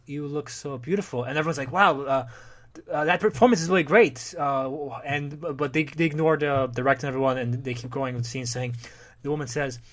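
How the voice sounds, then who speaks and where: A man on a podcast casually retelling a comic book plot, acting out the characters' lines in lively voices. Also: medium pitch. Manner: animated retelling, acting out dialogue in quick voices. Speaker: podcast host.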